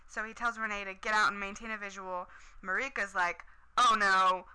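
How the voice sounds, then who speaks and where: A woman's voice: mid-range voice, fairly even intonation, a little fast, pushed and bright, clear, resonant tone, poor audio. A woman casually recapping a TV episode, chatty and enthusiastic, with lots of "um" and "like".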